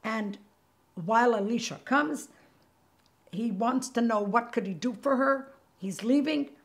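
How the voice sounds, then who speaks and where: Gravelly woman teaching a Torah class. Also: a little high, a little slow. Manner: animated storytelling that drops to near-whispers for emphasis.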